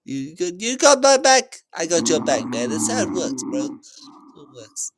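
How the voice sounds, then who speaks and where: A man's voice: on the high side, wildly swooping pitch, normal speed. A drunk young man, live-streaming and ranting brashly to his chat with lots of swearing and slang. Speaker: livestreamer. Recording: noisy background.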